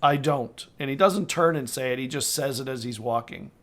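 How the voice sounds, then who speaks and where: A man narrating as game master of a tabletop game, halting and slow, with many fillers. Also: medium pitch, fairly bright tone. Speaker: dungeon master.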